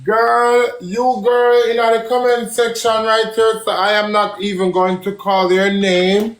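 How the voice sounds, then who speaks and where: A man's voice: sits high, little pitch movement, measured pace, roomy sound. A man with a Jamaican accent hosting a live stream, talking in a brash, profane, emphatic way. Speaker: livestream host. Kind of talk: heated live-stream talk.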